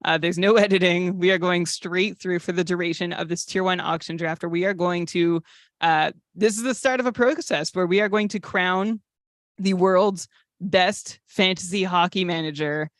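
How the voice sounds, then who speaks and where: A man's voice: high voice, normal speed, a bit bright, dry recording, clean studio sound. Nervous rambling male podcast co-host. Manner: nervous, rambling, with filler words. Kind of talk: casual podcast chat.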